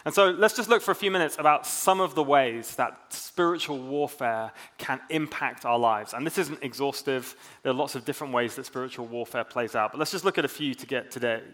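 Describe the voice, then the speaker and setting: A man's voice: mid-range voice, brisk, hardly any pauses, a bit bright. A man preaching a sermon in a casual, chatty way, with self-mocking humor. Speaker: pastor.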